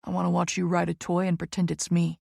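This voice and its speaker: A woman voicing a confident, commanding young male lover in an audiobook, speaking in a low, dominant, teasing way. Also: monotone, fast, vocal fry, warm tone, no room sound, studio quality.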